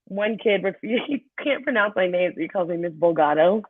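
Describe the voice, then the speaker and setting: A woman's voice: lowish voice, normal speed. A woman, a middle school teacher, chatting casually in an interview and animatedly telling stories about her students. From Kansas City area, US. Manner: animated storyteller, acts out students' voices, laughs often. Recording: tinny phone-like call audio.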